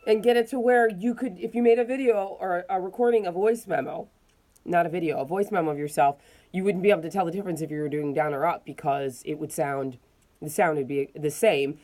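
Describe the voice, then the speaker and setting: A woman teaching a violin lesson, calmly explaining bowing technique step by step while demonstrating. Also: lowish voice, brisk. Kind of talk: casual instructional explanation.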